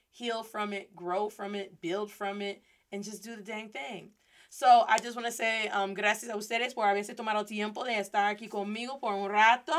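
A woman hosting a lively Spanish lesson, playfully acting out little scenes and drilling words for her class to repeat. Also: mid-range voice. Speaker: Spanish teacher and host. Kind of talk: energetic language lesson.

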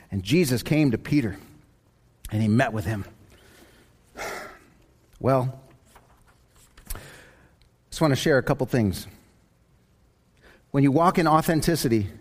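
A man's voice: mid-range voice, husky. A man preaching a sermon as a pastor, in a conversational way with joking asides.

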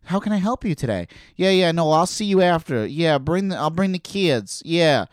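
A man putting on a loud rude woman on speakerphone. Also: on the high side, animated, normal speed, clean tone, no echo, studio quality, lightly acted. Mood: dismissive. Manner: loud, brushing off the teller.

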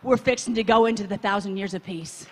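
A woman from Texas, preaching to a live audience in a chatty, animated way and asking the crowd to join in. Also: mid-range voice, fast talker. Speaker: conference speaker. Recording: long hall reverb.

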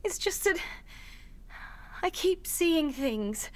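A woman's voice: very high-pitched, lively intonation, takes it slowly, full character voice. An actress playing a troubled teenage girl about to leave for university, tense and defensive. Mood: frightened. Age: late teens. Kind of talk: radio drama acting.

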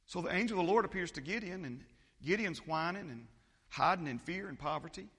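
High-voiced man preaching in a reverberant hall. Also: expressive, brisk, a bit bright, husky. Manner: emphatic, repetitive, building lists, interjects "amen". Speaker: pastor. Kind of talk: sermon.

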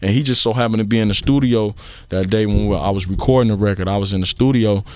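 Guest rapper, young man from Watts, lowish voice, dry close studio mic, loose rambling storyteller. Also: fast, no room sound. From Watts, Los Angeles. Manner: relaxed storytelling, many restarts and "you know what I mean". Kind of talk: casual radio interview. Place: radio studio.

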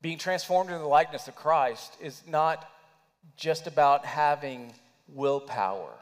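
A man's voice: fairly high pitch, unhurried. Emotional preacher man in an echoing hall. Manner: emotional, swings between loud urging and hushed near-whispers. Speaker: pastor. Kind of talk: sermon.

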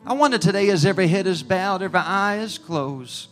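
A man preaching an emotional sermon in a church sanctuary, swinging between hushed and fervent as he leads an altar call. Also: high voice, a little fast, soft background music. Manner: emotional, rising and falling intensity, speaks in tongues. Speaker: pastor.

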